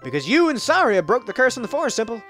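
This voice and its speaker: A man voicing a cheerful little talking tree sprout from a video game, in a bright, loud, chirpy put-on voice. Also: very high voice, sing-song, fast talker, soft background music, voice pushed up, exaggerated voice. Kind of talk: playful voice reading of game text.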